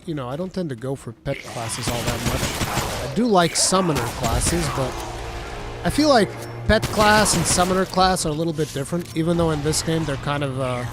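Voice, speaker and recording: A man streaming a game, chatting casually and thinking aloud as he plays. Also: a little high. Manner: thanks chat viewers warmly. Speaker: gaming streamer. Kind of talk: casual let's-play commentary.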